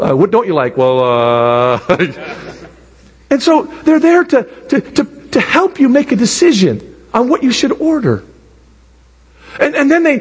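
A male pastor preaching a sermon in an animated way, acting out the voices of the people he quotes. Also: high voice, husky. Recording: long reverb in a hall.

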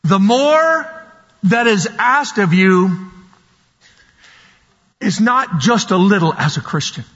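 A man preaching a sermon in a church hall, slow and emphatic, repeating key words. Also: sits high, animated, a bit bright. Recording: dull sound with long hall reverb.

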